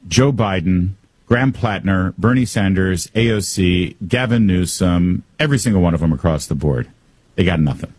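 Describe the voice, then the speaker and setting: A man's voice: lowish voice, darkish tone, husky. A man hosting a talk radio show, giving emphatic, sarcastic commentary straight to his listeners. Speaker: radio host.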